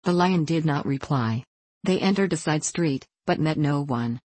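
Low voiced lady reading a storybook aloud, calm and even, dry sound. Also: moderate pace, no room sound. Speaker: reader. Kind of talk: audiobook narration.

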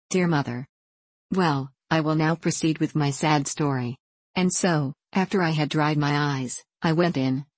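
A woman narrating a classic novel as an audiobook, in a measured, earnest reading. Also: low voice, darkish tone, no echo.

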